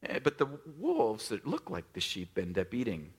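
Lively, joking man preaching a sermon. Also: fairly low pitch, normal speed, husky. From US West Coast. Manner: conversational, jokey storytelling with many fillers; acts out quoted voices, drops to a hush for emphasis. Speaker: pastor.

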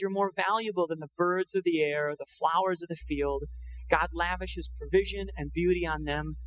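A man's voice: on the high side, a bit bright, a little hiss or hum, rough recording. A man preaching a sermon in an earnest, conversational way, often quoting scripture. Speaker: pastor.

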